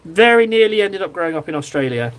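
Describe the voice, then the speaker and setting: A man from southwest England with a southern English accent, hosting a live stream and chatting casually, excitable and quick to interrupt himself. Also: high voice. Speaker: live-stream host painting miniatures.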